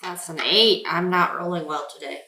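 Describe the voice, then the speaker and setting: A woman plays a tabletop role-playing game, talking loosely with plenty of likes and ums. Her voice sits fairly low for a woman and has a roomy echo around it. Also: moderate pace, bright, forceful tone. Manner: casual, hesitant, with like and um. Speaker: player. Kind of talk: casual tabletop game play.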